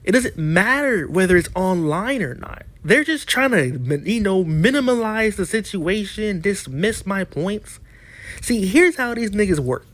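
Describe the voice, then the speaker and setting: A man's voice: sits high, animated, measured pace, fairly bright tone, no echo. A man ranting as a YouTuber in a heated, profane way, often restarting his sentences. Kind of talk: ranting commentary.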